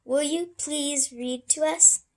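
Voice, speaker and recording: A woman voicing an eager young kitten in a picture book, in a slow, sweet childlike voice. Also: sits high, pitched above the performer's own voice, low-quality recording.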